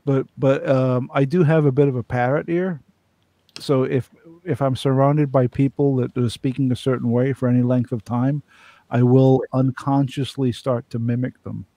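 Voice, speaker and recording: A man's voice: medium pitch, fairly even intonation, normal speed, mellow, dry recording. A man from Wales with an accent gone mostly American, chatting and telling stories with lots of restarts as a podcast co-host. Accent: Welsh-born, Americanized. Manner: rambling storyteller, frequent restarts. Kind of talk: casual chat.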